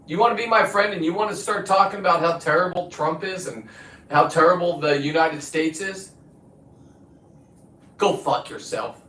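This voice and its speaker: A man's voice: fairly high pitch, moderate pace, bright, forceful tone. Combative swearing man on a livestream. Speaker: livestream host. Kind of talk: profane livestream rant. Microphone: phone. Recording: echoey room, distant from the mic.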